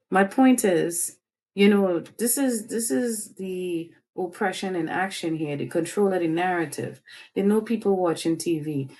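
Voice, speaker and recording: Her voice is a little mellow as she hosts a livestream. She offers fiery, preachy commentary, moving her pitch up and down throughout.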